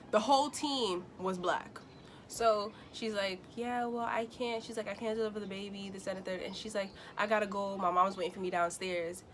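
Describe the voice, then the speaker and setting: Animated young woman telling a story. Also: mid-range voice, a little hiss or hum. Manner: animated, acts out quotes in other voices. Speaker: vlogger. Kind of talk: casual storytime.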